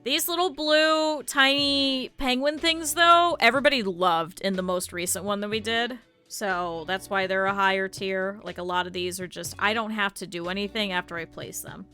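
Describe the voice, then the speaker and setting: A woman streamer chatting casually to her live chat, blunt and swearing freely, with lively quoted asides. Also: mid-range voice, moderate pace, smooth, soft background music.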